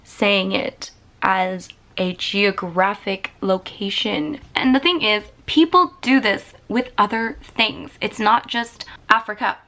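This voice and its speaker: A woman's voice: mid-range voice, slow pace, sharp tone. A young woman from Canada ranting to camera in a vlog, exasperated and emphatic, firing rhetorical questions. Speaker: YouTuber.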